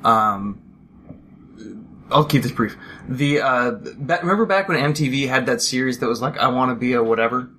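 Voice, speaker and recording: A man's voice: mid-range voice, normal speed, bright, forceful tone, slight background noise. A man co-hosting a podcast, telling a rambling story in casual chat and acting out the quotes. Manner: rambling storyteller, acts out quotes, laughs often. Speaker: podcast co-host. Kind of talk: casual chat about a film.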